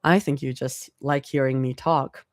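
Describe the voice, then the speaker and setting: A woman voicing a calm young woman who teases in a low, slow drawl. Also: no echo, clean studio sound. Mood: teasing. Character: teasing, smooth-talking young woman, playful and calm.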